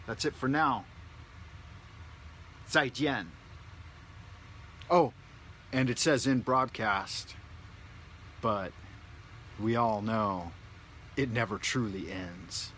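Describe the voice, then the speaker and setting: A man vlogs from his home and talks in a loose, rambling, joking way, swearing casually as he goes. His voice is bright and forward, with a mid-range pitch. A faint background noise sits under his voice. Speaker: vlogger. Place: his home in a big city.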